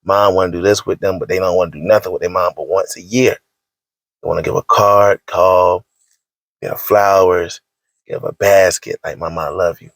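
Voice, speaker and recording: This commentator speaks at a moderate pace in a low-pitched, fairly even voice, with no echo on the recording. He scolds and preaches in slangy language, repeating his points again and again for emphasis.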